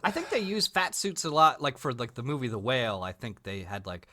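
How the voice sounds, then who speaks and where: Lively, bright-voiced American man joking. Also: medium pitch, brisk. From United States. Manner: jokey, laughs a lot, slips into silly character voices. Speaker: podcast co-host. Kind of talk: casual comedic chat.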